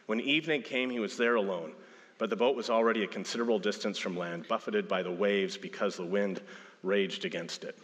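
A man's voice: lowish voice, fairly bright tone. A man in his thirties preaching a sermon as a pastor, telling stories and acting out quotes with a raised voice. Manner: storytelling, acts out quotes with a raised voice. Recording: long hall reverb.

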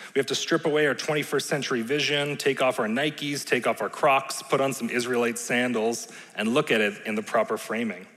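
A man's voice: mid-range voice, a bit bright. A man preaching a sermon in a conversational, playful way, often checking in with the room. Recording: long reverb in a large hall.

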